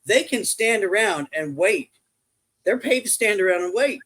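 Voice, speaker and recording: A man's voice: high-pitched, expressive, normal speed, fairly bright tone, rough recording. A middle-aged man telling jokey, rambling stories as a podcast guest who works in construction safety, acting out the voices he quotes. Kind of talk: casual storytelling chat.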